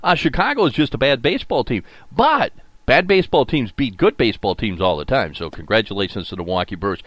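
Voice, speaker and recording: A man's voice: mid-range voice, very animated, fast talker, a bit bright, no echo. An older man hosting a solo sports talk show, folksy and rambling with lots of fillers. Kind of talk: solo sports radio podcast monologue.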